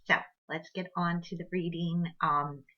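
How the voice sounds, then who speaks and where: A woman's voice: lowish voice, steady tone, measured pace. A woman giving a casual tarot reading to camera, earnest and rambling with many fillers, recorded on an old computer microphone. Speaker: tarot reader. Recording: dull lo-fi computer audio.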